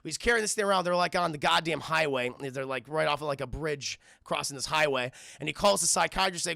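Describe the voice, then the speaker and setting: A man's voice: on the high side, quick pace, gravelly, hardly any pauses, bright, forceful tone, no echo, studio quality. A man streaming live, recapping a film scene by scene in a rambling, profane way and talking to his chat. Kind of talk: casual livestream film recap.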